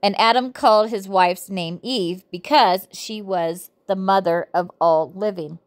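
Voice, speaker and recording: Woman, devotional reader, slow scripture reading, stops to correct herself, playful asides. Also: mid-range voice. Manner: halting reading with frequent self-corrections.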